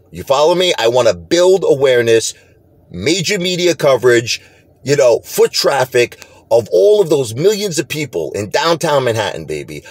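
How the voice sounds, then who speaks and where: A middle-aged man with a fairly high voice hosts his own video channel, ranting straight to camera with no room sound. He's animated and emphatic, repeating himself often in this casual rant.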